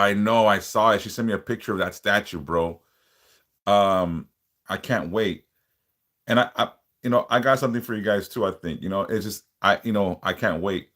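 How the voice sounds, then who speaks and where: A man with a fairly low, fairly bright voice hosts a casual livestream, reading viewer comments aloud and bluntly warning them while swearing a lot. He works as a spiritual worker.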